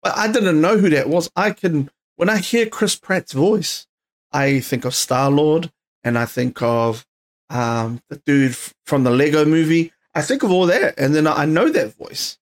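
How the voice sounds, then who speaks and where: A man's voice: fairly high pitch, animated, a little slow. A man with a New Zealand accent hosting a solo podcast, rambling and tired, full of slang, swearing and fillers. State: tired, yawning. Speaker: podcast host. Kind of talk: casual solo podcast chat. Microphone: podcast microphone.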